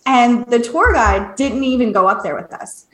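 Higher-voiced woman telling a lively story in an echoey room. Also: moderate pace. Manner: animated, laughs often, swears, acts out quoted speech. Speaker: podcast co-host and medium. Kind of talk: casual storytelling.

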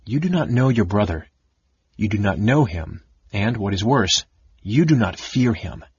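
A man playing a cool, soft-spoken dark elf mage. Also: lowish voice, lively intonation, a little slow, slightly rough, no echo, heavily acted. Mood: grave. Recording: dull, dry lo-fi audiobook recording.

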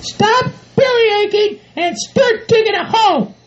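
A man voicing a bossy rancher's wife in a comedy audio skit, shouting orders and scolding. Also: extremely high pitch, unhurried, pitched above the performer's own voice. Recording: dull lo-fi home recording, off-mic.

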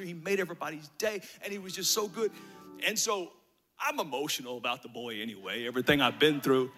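A man telling a rambling story about his son, animated and emotional, with many restarts. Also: a little high. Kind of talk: storytelling comedy set.

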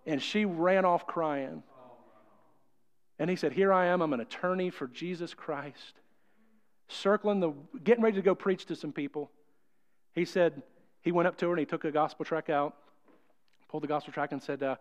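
A man's voice: sits high, fairly quick. A male pastor preaching a sermon in a conversational, storytelling way.

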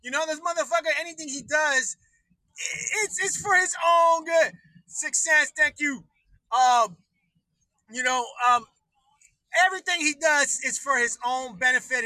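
A livestream host with an extremely high, bright, forceful voice goes on a casual political rant, swearing a lot, restarting sentences and laughing often as he rambles. The recording is low quality, with no room sound.

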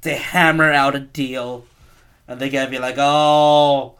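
A man's voice: mid-range voice, fairly even intonation, normal speed, sharp tone. A man in his twenties, host of a podcast, ranting casually in a rambling, profane, self-mocking way. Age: 20s.

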